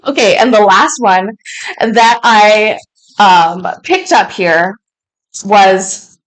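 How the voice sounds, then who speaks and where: A woman vlogging from home as she unboxes fan mail, gushing and quick to laugh. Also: mid-range voice, lively intonation. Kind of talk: casual unboxing chat.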